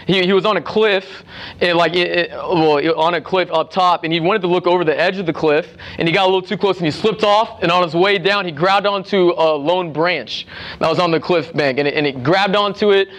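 A man's voice: high-pitched, a little fast, a bit bright. A young man giving a casual sermon to a youth group, chatty, with restarts and asides. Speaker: youth speaker.

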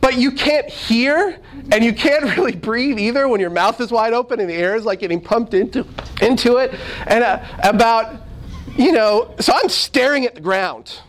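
High-voiced minister telling a funny story. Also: male voice, moderate pace, low-quality recording. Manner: animated, self-deprecating comic storytelling. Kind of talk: humorous sermon storytelling.

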